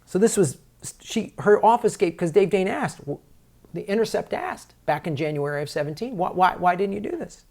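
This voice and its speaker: A man hosting a political commentary show, ranting angrily and sarcastically, mocking politicians and swinging from loud outbursts to low mutters. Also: expressive, normal speed, vocal fry. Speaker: comedian and political commentator host.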